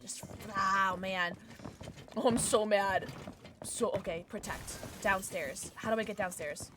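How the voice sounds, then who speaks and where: A young woman streaming a video game, excitable, swearing and joking about her own play. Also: medium pitch, measured pace, background noise. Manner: excitable, swears a lot, self-deprecating. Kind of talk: live gameplay commentary.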